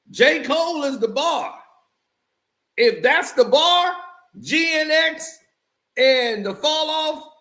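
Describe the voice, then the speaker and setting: A man with a high voice tears into an album in a loose, casual rant. He is blunt and scornful and laughs often, and his voice rings in an echoey room. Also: sharp tone. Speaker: album reviewer. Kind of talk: casual music review rant.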